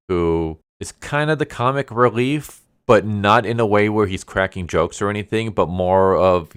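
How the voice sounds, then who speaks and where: A man with a low, smooth voice talks through a manga's story in a chatty, amused way. He is recorded dry and close. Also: no echo. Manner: chatty, amused, with many fillers. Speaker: manga reviewer. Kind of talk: casual story recap.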